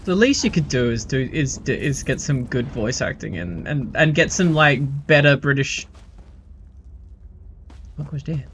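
A man's voice: mid-range voice, very animated, unhurried, fairly bright tone, slight background noise. A male game streamer giving casual, rambling commentary with stammered restarts and swearing.

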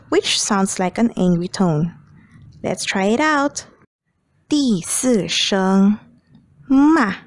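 A woman teaches Mandarin tones in a slow, deliberate way, drawing out each example for young learners. Her delivery is unhurried, and the recording is close and dry with no room sound. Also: medium pitch, dry recording. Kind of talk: slow, clear teaching for kids.

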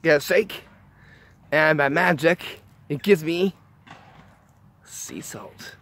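A man walks viewers through simple magic tricks at an unhurried pace. His voice sits a little high, and he stumbles and restarts often before reaching each upbeat reveal. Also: fairly bright tone, slight background noise. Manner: chatty, halting, with fillers and restarts, upbeat reveals. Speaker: magic tutorial host. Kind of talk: casual how-to demonstration.

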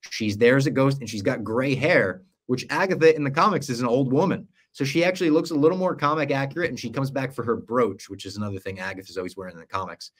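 A man's voice: mid-range voice, quick pace, hardly any pauses. A young man on a casual podcast, recapping a series at length and acting out quoted lines along the way. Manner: animated storyteller, acts out quoted lines. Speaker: podcast co-host.

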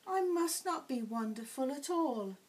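A woman voicing a shy, lonely little boy elephant calf for a storybook, speaking in a high, hopeful, timid voice. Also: lively intonation, unhurried, darkish tone. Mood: sad.

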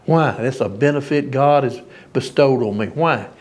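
A man's voice: medium pitch, moderate pace, darkish tone. A man preaching an informal sermon, folksy and emphatic, often laughing at his own lines.

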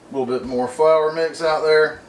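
A man's voice: a little high, steady tone, normal speed, heavy background noise. A man, hosting a casual home cooking demonstration in an easygoing, folksy, rambling way. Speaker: cooking show host. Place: home kitchen. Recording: roomy kitchen, mic at a distance.

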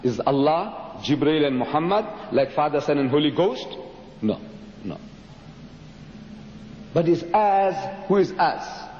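A man from Africa, giving an emphatic public religious lecture full of rhetorical questions and dramatic pitch swings. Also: lively intonation, slow, pauses often, a little mellow, a little hiss or hum. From South Africa. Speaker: Muslim lecturer. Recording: dull lo-fi hall recording, echoey.

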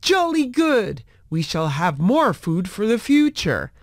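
A woman voicing a poor, kind-hearted farmer who turns greedy, speaking in a lowered, gruff voice. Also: sing-song, takes it slowly, no room sound, studio quality. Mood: amazed.

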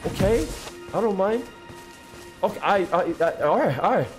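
Excitable young-sounding male gaming streamer. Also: sits high, normal speed, music in the background. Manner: excitable, slangy, thanks viewers constantly. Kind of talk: casual live-stream chat while gaming.

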